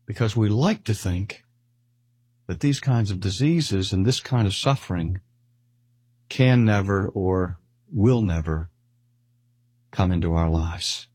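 An older man giving an earnest sermon and slowing down to stress key phrases. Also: low-pitched, darkish tone, husky, dry recording. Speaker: preacher.

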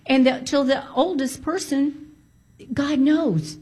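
A woman with a somewhat high voice testifies before a church congregation. She talks emphatically and repeats her key phrases to drive them home. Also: steady tone, takes it slowly, warm tone. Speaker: church speaker giving testimony.

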